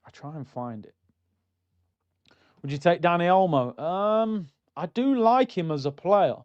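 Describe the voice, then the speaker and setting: Hyped young streamer, lo-fi mic. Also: male voice, a little slow, clean tone. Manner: animated storyteller, slangy, jumps between loud hype and low muttering. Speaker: watchalong streamer. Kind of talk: casual live stream chat.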